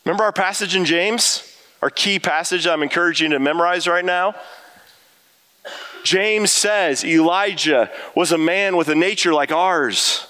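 Guy preaching a sermon, high bright voice, gets real earnest and loud on the prayers. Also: normal speed. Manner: earnest, rises high and emphatic when voicing prayers. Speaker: pastor.

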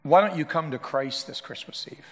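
A middle-aged male pastor delivers an earnest sermon in a church sanctuary, swelling into emphatic appeals. His voice sits high for a man. The sound carries a long reverb from the hall. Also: moderate pace.

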